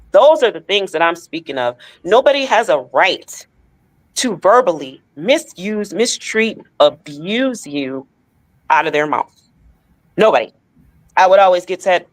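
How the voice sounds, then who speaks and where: A woman co-hosting a podcast, telling a painful personal story with emotion and speaking straight to her listeners. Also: deep voice. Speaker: podcast co-host.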